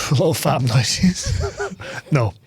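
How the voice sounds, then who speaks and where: A man's voice: medium pitch, vocal fry, slight background noise. A young Scottish man co-hosting a podcast, recapping a film in casual chat, joking, swearing freely and laughing often. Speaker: podcast co-host.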